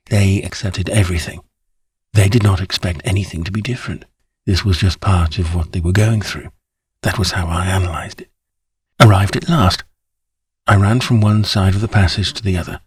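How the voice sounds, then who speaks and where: A male audiobook narrator with a husky, low voice reads scripted narration. The recording is dry and studio quality.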